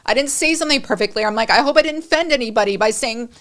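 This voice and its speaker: A woman's voice: a little high, rapid-fire, a bit bright. A middle-aged woman speaking candidly and emotionally as a podcast guest, rambling through personal stories.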